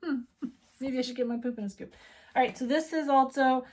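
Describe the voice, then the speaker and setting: A woman's voice: high-pitched, steady tone, fairly quick, a little mellow, a little hiss or hum. A middle-aged woman from the United States who owns a needlework shop, chatting casually and rambling as she talks. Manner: chatty, rambling, self-interrupting. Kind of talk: casual chat.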